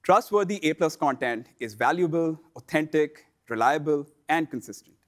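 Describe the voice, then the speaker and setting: A man presenting a scripted instructional lesson for online sellers, in a measured, explanatory delivery. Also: a little high, expressive.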